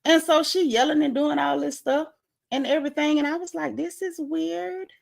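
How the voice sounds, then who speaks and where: A fairly high-voiced woman chats through a reality show recap like she's catching up with friends. She leaps into big dramatic highs when she acts out the cast, then drops low and wry to comment, and stops now and then to greet viewers in the chat. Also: brisk, vocal fry. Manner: animated storytelling, acts out quotes with big pitch swings; reads chat comments aloud. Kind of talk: casual livestream recap chat.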